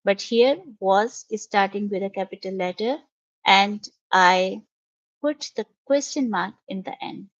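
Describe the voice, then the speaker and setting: A woman teacher talks through a grammar lesson at an unhurried, careful pace. Her voice is mid-pitched and sits dry and close. The audio is a little dull and lo-fi. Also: no echo. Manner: patient, spells out each step. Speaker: English teacher. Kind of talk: slow, careful classroom explanation.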